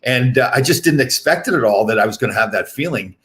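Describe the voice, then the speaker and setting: A man's voice: medium pitch, lively intonation, fast talker, a bit bright. A man in his fifties hosting a casual interview, rambling with lots of fillers and restarts. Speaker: podcast host.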